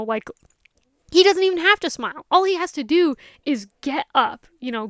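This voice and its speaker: A woman giving a casual, animated film review, ranting and acting out characters' lines as she goes. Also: high-pitched, dry recording, clean studio sound. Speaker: movie reviewer.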